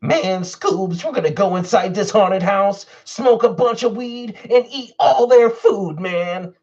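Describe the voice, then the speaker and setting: A drawling goofy stoner dude. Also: male voice, high-pitched, slow, darkish tone, dull audio, pitched above the performer's own voice, exaggerated voice. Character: goofy laid-back young male stoner sidekick.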